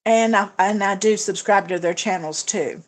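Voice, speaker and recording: A woman hosts a budgeting livestream, chatting casually with viewers and answering their comments, with frequent fillers and restarts. Her voice is medium-pitched and her pace moderate.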